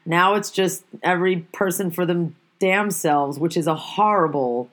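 A woman's voice: fairly low pitch, normal speed. A woman in a casual, profane conversation, telling stories and ranting animatedly. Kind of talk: casual chat.

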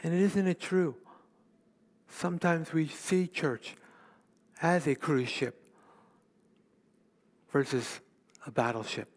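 A man in his fifties preaching a sermon as pastor, animated, swinging between loud emphatic lines and hushed asides. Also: fairly high pitch, slow, long pauses.

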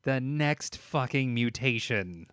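A man co-hosting a casual podcast, chiming in with sarcastic, profane quips and animated rants. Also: mid-range voice, slow, clear, resonant tone, no room sound, studio quality. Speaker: podcast co-host. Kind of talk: casual chat.

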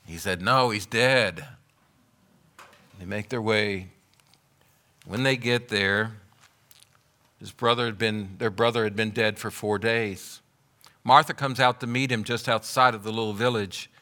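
Bright-voiced man preaching a sermon. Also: on the low side, fairly even intonation, unhurried. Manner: emphatic, rhythmic repetition, rising to loud declarations. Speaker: pastor.

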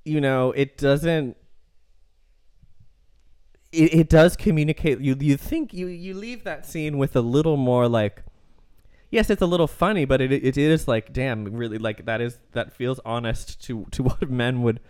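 A man co-hosting a casual film podcast, rambling with restarts and breaking into quick silly voices for quoted lines. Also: medium pitch, a little mellow, smooth, no room sound, clean studio sound. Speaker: podcast co-host.

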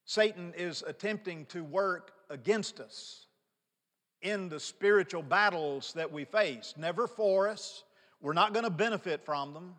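A man's voice: sits high, a little slow, a bit bright, big-room sound. A man in his fifties preaching a sermon as pastor, emphatic and repeating key words for stress. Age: 50s.

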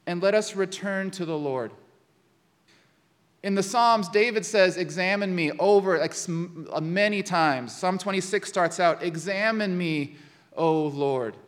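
Male pastor, high voice, casual storytelling sermon, long room reverb. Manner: conversational, storytelling with frequent "like" and asides. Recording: reverberant hall.

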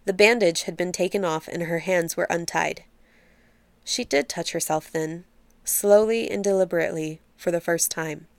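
A woman reads a dark literary story aloud, measured and steady. The recording is close and dry, with no room sound around her. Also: lowish voice, gravelly, dry recording. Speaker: narrator. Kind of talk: literary audiobook narration.

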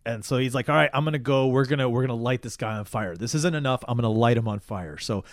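A podcast co-host with a medium-pitched voice talks quickly in a casual movie recap chat, animatedly retelling the plot with swearing and acted-out lines. The recording is studio quality with no echo.

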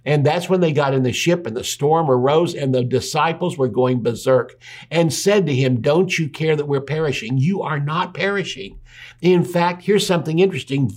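A man's voice: on the high side, normal speed. A man preaching a sermon, making his points with rhetorical questions and repetition and reading scripture aloud in between.

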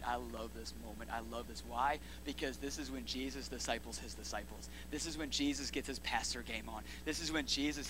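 A man preaching a sermon in slangy, energetic style, building up to loud repeated lines and dropping low again. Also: moderate pace, hardly any pauses, a little hiss or hum. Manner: builds to shouts in repeated phrases, then drops low. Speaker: pastor.

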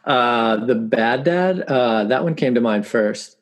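A man's voice: mid-range voice, animated, slow. A man in his forties, a musician guest telling family stories in casual interview chat, laughing often and acting out quotes.

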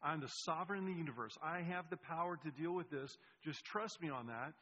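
A man's voice: on the high side, a little fast, bright, forceful tone. A man voicing God as a firm, matter-of-fact and reassuring deity. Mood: commanding. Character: patient, commanding male deity. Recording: husky, muffled, long hall reverb.

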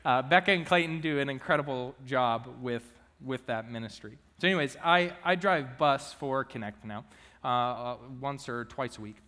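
A man's voice: medium pitch, moderate pace, sharp tone, big-room sound. A young man and student minister giving a chatty, joking sermon to his church. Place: church sanctuary.

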